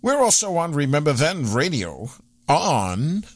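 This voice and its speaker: A man's voice: a little high, big pitch swings, measured pace, dry recording. A man hosting an oldies radio show, chatting casually with many fillers.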